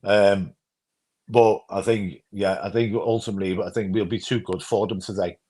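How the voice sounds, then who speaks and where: A man's voice: lowish voice, fairly even intonation, moderate pace, darkish tone, breathy edge. A man co-hosting a fan channel's football chat, rambling and often asking "you know what I mean".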